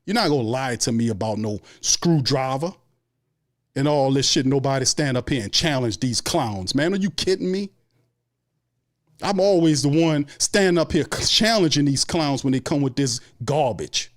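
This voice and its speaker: A man's voice: mid-range voice, animated, normal speed. A man hosting a sports show, delivering an angry, profane fan rant full of repeated complaints. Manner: angry, profane, repetitive ranting.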